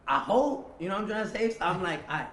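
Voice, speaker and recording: Animated New man telling a story. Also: sits high, quick pace. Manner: animated storyteller, acts out quotes, swears freely. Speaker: interview guest. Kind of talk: storytelling in a sit-down interview. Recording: echoey room with faint ambient noise.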